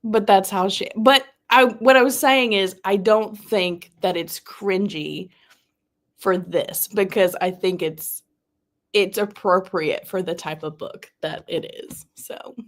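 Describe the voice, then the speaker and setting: A woman's voice: medium pitch, takes it slowly. A young woman with a Southern US accent, chatting in a bubbly, casual way with viewers during a live reading stream at home. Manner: bubbly and chatty, answers her chat. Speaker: booktuber hosting a live reading sprint. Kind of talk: casual livestream chat.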